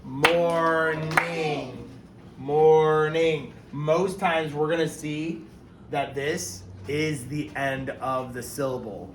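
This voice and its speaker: A man's voice: a little high, slow pace. Man teaching phonics in an echoey room. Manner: patient, explains step by step, sounds words out. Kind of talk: phonics lesson for young children. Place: classroom. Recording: echoey room with faint noise.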